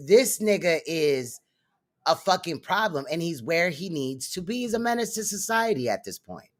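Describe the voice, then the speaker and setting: A woman's voice: low-pitched, sharp tone. A woman commentator reacting to a clip, blunt and sarcastic, swearing freely.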